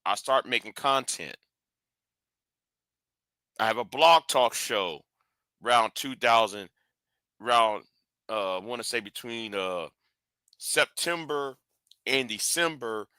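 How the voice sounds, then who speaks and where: A man's voice: medium pitch, slow pace, pauses often, pushed and bright, dry recording, studio quality. A man hosting a live stream, speaking bluntly and confrontationally, often restarting and repeating words.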